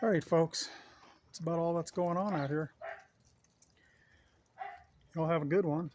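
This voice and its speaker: A man's voice: on the high side, steady tone, measured pace, a little mellow, a little hiss or hum. A man chatting casually to his viewers while walking around his backyard, rambling and folksy. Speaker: yard vlogger. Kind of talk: casual walk-around chat. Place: outdoors in a backyard.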